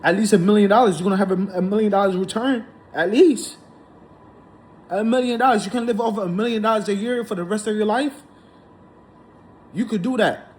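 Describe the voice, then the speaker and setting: A man's voice: high voice, brisk, pauses often, a little mellow, a little hiss or hum. A man delivering an indignant, heated monologue, repeating himself and hammering his points. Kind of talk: ranting monologue to camera.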